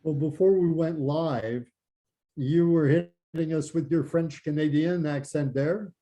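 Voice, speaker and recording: A man's voice: fairly high pitch, a little slow, dark tone, low-quality recording. A middle-aged man from New Jersey hosting a casual interview, asking friendly questions with eager follow-ups. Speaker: host.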